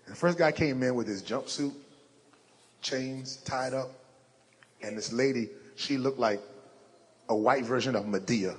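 A man's voice: medium pitch, measured pace, pauses often, a little hiss or hum. A man telling a comic story in a casual, drawling way, acting out the people in it. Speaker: stand-up comedian. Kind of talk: stand-up storytelling. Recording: long reverb of a hall.

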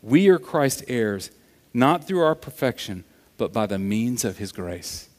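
A man preaching a sermon, telling stories in an animated way that swings from loud to hushed. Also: mid-range voice, measured pace. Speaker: pastor. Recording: long reverb of a large hall.

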